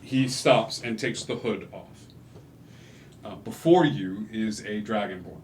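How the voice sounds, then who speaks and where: A man's voice: lowish voice, takes it slowly, slight background noise. A man narrating as game master in a tabletop game, talking casually with many fillers. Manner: loose, filler-heavy narration that builds to loud excitement.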